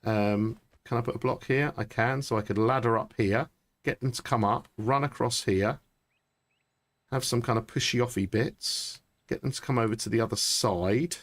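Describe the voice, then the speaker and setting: A man doing live gameplay commentary, chattering away and thinking out loud. His voice sits in a middling pitch. He gets excitable as he plays. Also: normal speed. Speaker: streamer.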